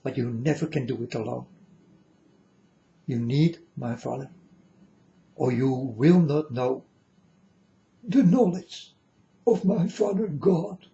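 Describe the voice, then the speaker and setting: A man putting on a high, singsong voice that he says sounds like an eighty-year-old man. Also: takes it slowly, creaky, pauses often, dark tone. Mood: preachy. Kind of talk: showing off a put-on voice. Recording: dull lo-fi recording.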